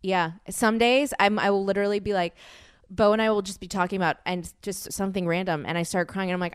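Smooth-voiced wry woman. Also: mid-range voice, steady tone, quick pace, no room sound, studio quality. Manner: wry and candid, casual with swearing. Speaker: podcast host. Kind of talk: casual chat over a remote call. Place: at home, connected remotely.

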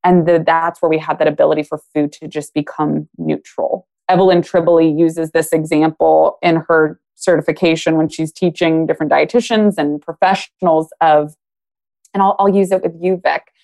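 Woman, low voice, gravelly, podcast guest, casual explaining, analogies. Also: flat delivery, moderate pace, a little mellow. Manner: explains with analogies, acts out quotes.

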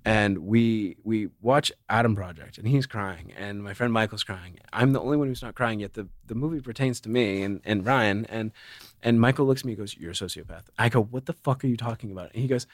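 A man's voice: on the low side, fairly quick, dry recording, studio quality. A young man in his twenties speaking candidly as a podcast guest, frank and swearing freely. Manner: frank, swears freely, animated when joking.

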